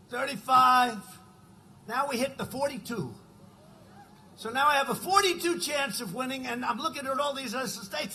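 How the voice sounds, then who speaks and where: At a campaign rally, a man speaks in a rambling, repetitive way, constantly asking the crowd "right?" His very high voice sounds bright and forceful, with slight background noise.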